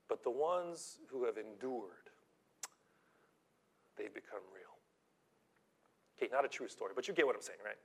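A man preaching a sermon in a conversational storytelling way, with halting restarts and slow, deliberate emphasis on key phrases. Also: medium pitch, expressive, husky. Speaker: pastor.

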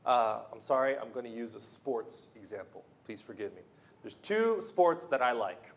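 A man's voice: medium pitch, animated, moderate pace. A man preaching a sermon as pastor, talking in a loose, conversational way with restarts and playful asides.

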